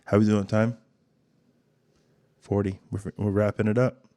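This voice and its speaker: A man's voice: fairly low pitch, level tone, normal speed, dark tone. A man hosting a podcast, talking in a casual, candid and rambling way, with plenty of swearing. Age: adult father of two. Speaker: podcast host.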